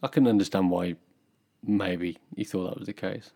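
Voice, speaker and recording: A man's voice: low-pitched, fairly even intonation, normal speed, creaky, dark tone, husky. A man chatting casually as a podcast co-host, chiming in with wry, teasing remarks. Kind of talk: casual chat.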